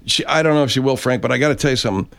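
A man's voice: medium pitch, racing, vocal fry, fairly bright tone. Profane rambling older man hosting a chat. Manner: rambling, profane, reads names and messages aloud. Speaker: host. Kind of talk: casual live chat show, reading viewer comments. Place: home studio.

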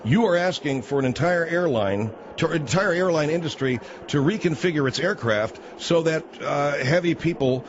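A man's voice: fairly high pitch, animated, moderate pace, few pauses. Brash, sarcastic male radio host. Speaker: radio talk show host. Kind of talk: comedic talk radio. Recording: muffled broadcast audio with faint hiss.

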